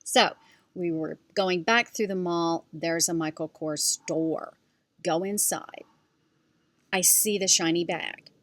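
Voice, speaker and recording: A middle-aged woman vlogger telling a story in a casual, chatty, animated way as she reviews a handbag. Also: lowish voice, no echo.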